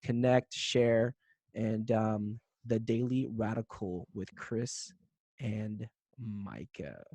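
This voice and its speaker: A man co-hosting a casual chat podcast, talking loosely with many halting fillers. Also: lowish voice, dark tone, husky, no echo. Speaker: podcast co-host.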